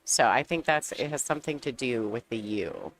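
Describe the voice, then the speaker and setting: Low-voiced woman bantering on commentary. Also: lively intonation, moderate pace, a little hiss or hum. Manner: chatty and bantering, laughs often. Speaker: sports commentator. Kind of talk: casual play-by-play commentary.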